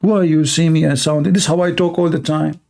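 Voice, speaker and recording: A man hosting a livestream, speaking sarcastic, mocking broken English and swinging between loud outbursts and exaggerated slow, soft talk. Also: on the high side, steady tone, vocal fry. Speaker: livestream host. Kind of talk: livestream debate commentary.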